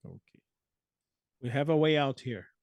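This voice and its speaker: A man's voice: mid-range voice, animated, measured pace, gravelly, dry recording, dull audio. A man playing a tabletop game, speaking hesitantly and repeating words. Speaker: player. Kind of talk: tabletop role-play.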